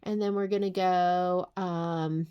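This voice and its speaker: A woman giving a casual step-by-step crafting and cutting software tutorial, chatting to herself and to viewers as she works. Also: lowish voice, steady tone, takes it slowly, clean tone, dull audio. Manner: chatty, talks to herself while working, asides to viewers. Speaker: sewing and crafting instructor.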